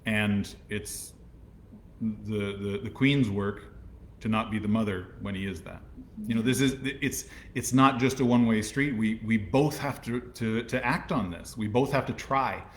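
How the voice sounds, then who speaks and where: A man co-hosting a casual talk show, calm and reflective, restarting his phrases as he thinks. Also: on the low side, unhurried, slight background noise. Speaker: podcast co-host. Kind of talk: casual chat.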